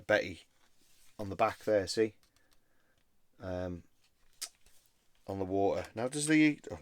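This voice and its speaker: A man's voice: sits low, dry recording. A man chatting casually about his record collection, rambling and easily enthused. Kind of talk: casual show-and-tell vlog.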